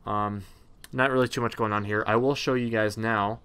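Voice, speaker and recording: A man's voice: on the low side, fairly even intonation, normal speed, a bit bright, clean tone. A man casually narrating a game walkthrough, chatty and rambling with many ums and uhs. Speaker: gameplay narrator.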